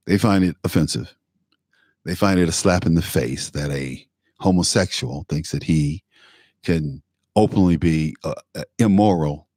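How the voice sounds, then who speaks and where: A man from Michigan hosts a talk show with a deep, low voice that rises and falls in a very lively way. He is sarcastic and laughs often, and the recording is close and dry. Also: no room sound. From Pontiac, Michigan, USA. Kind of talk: opinion talk monologue.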